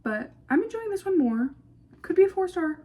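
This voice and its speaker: A woman's voice: very high-pitched, sing-song, moderate pace, mellow. A young woman vlogging casually about a book she is reading, blunt and swearing freely, with trailing, hesitant asides. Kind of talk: casual chat to camera.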